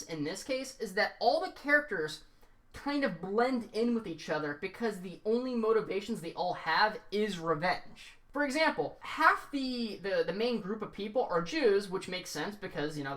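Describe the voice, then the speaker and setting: A woman's voice: medium pitch, fairly bright tone. Casual, rambling woman reviewer. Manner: rambling, with filler words and jokey tangents. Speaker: show reviewer.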